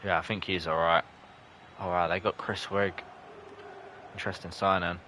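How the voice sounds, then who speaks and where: A man with a low, deep voice casually narrates his football video game on a live stream. He chats loosely with viewers and calls them by name. He jokes in slang and swears when a match goes against him. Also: little pitch movement, moderate pace, sharp tone, a little hiss or hum. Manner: chatty and loose, answers chat viewers by name. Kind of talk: casual live-stream commentary, reacting to chat.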